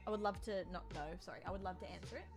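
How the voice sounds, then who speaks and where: A woman's voice: mid-range voice, steady tone, racing, over music. A woman streamer chatting casually with her live audience, full of "like" and "um" fillers and prone to startled shrieks. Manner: jumpy, letting out startled shrieks.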